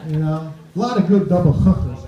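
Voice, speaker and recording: A man's voice: on the high side, lively intonation, brisk. A man performing a stand-up set on a club stage, chatty, tossing asides to the crowd. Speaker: stand-up comedian. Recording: roomy, dull club recording.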